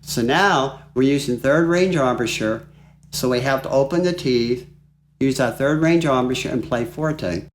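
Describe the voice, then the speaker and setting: A man teaching flute in a relaxed, chatty way, walking through a piece and singing phrases aloud. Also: medium pitch, a little slow, background noise. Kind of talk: music lesson. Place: home studio.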